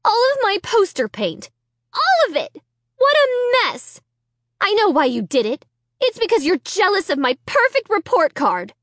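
A woman's voice: high voice, very animated, extremely slow, few pauses, fairly bright tone, dry recording, studio quality, pitched above the performer's own voice, heavily acted. A woman doing an indignant, whiny big sister. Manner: accusing, whiny. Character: indignant, self-satisfied older sister girl.

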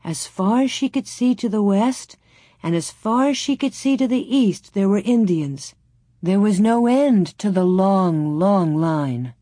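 A woman calmly reading a storybook aloud in a measured narrating voice. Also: mid-range voice, no room sound, clean studio sound. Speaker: audiobook narrator.

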